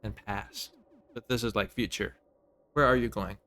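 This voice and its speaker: A man's voice: lowish voice, fairly even intonation, normal speed, fairly bright tone. A man streaming a game, reading its dialogue aloud and musing over it with filler words.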